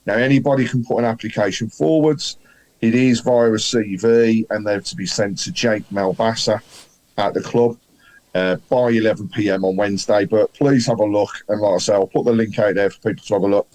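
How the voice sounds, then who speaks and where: A man from the co-hosting a football podcast, reading out club news in a relaxed, hesitant way with fillers. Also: lowish voice, fairly quick, low-quality recording. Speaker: podcast co-host. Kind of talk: casual chat with announcements.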